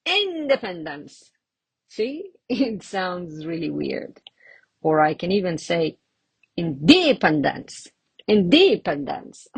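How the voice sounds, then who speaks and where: A woman teaching English word stress in a casual lesson, drawing words out slowly and laughing lightly between examples. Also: fairly low pitch, husky, no room sound. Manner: slow, drawn-out demonstration of words, with light laughs.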